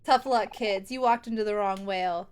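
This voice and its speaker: A woman's voice: medium pitch, moderate pace, a little hiss or hum, natural voice. A woman voicing scheming slime shopkeeper sisters from a video game, reading the dialogue aloud in a sly, mock-polite way. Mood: sly menace.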